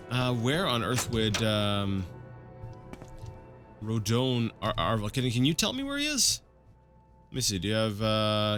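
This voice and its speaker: Animated man narrating a video game. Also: lowish voice. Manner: rambling, thinking aloud with many fillers. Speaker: let's play host. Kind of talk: casual gameplay commentary.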